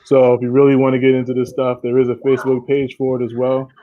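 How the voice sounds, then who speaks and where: A man who is a guest on a podcast, talking casually and explaining at an unhurried pace. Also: mid-range voice, monotone, narrow, tinny audio. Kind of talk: casual chat.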